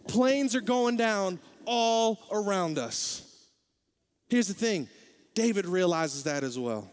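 A young man preaching a sermon as pastor, talking in a candid, conversational way and growing animated. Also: high voice, measured pace, big-room sound.

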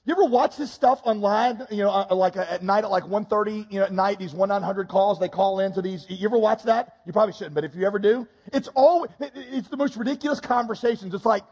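A man preaching a sermon, reading scripture and adding quick comic asides. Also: sits high, a little mellow, husky, big-room sound. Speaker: pastor.

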